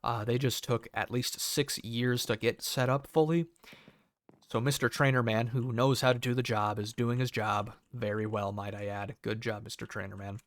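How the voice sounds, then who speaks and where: A man's voice: mid-range voice, steady tone, normal speed, no room sound. Sarcastic, cursing young man telling a story. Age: young adult. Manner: profane, sarcastic, acts out quoted voices. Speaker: cable technician storyteller. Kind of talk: casual storytelling vlog.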